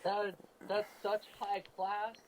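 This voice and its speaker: A man's voice: high voice, level tone, takes it slowly, slight background noise, poor audio. A man telling sports stories in an earnest, emotional way during a casual talk show. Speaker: co-host.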